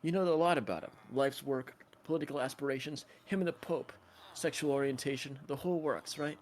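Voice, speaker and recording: A man reading the lines of an earnest male therapist lecturing a young man, in a steady tone with stumbles. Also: mid-range voice, fairly quick, lightly acted. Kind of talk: casual reading of a film scene.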